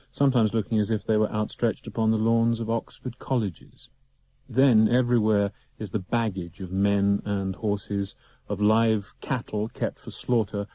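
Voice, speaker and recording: A man narrating and reading stage directions for a radio drama in a plain, measured way. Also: lowish voice, dark tone, poor audio.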